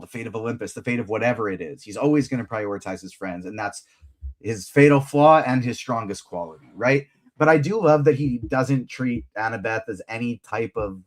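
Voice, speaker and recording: Enthusiastic man co-hosting a fan show. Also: medium pitch. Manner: enthusiastic, quick to act out quotes. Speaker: co-host. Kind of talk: live episode breakdown chat.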